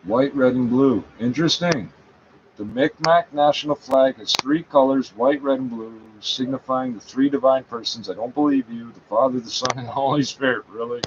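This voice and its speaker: A man's voice: medium pitch, moderate pace. A man reading a page aloud and talking back to it, scornful, correcting it and swearing often. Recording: dull lo-fi sound, faint background noise.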